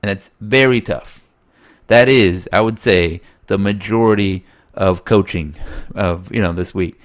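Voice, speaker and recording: A man co-hosting a sports podcast in casual chat, slightly nasal, rambling and animated, laughing often. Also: sits low, measured pace. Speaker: podcast co-host.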